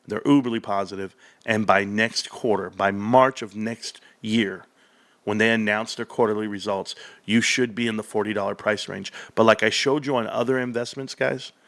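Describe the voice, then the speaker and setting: A man giving excited solo commentary on a company's earnings, emphatic and repetitive, talking straight to his viewers. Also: on the low side. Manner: hyped, emphatic, repeats phrases, addresses viewers as guys. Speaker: stock commentary youtuber.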